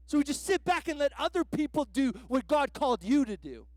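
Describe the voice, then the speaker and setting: Man preaching a sermon, very high voice, casual and slangy, dry close sound. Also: big pitch swings, brisk, no echo. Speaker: guest pastor.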